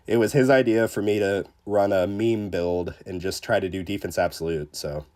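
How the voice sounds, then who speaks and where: A man with a somewhat low voice gives casual live commentary while streaming a game. He chats loosely, with plenty of fillers, greets his viewers and jokes at his own expense. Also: moderate pace, hardly any pauses. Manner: chatty, many fillers, greets chat viewers; self-deprecating and excitable. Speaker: livestreamer.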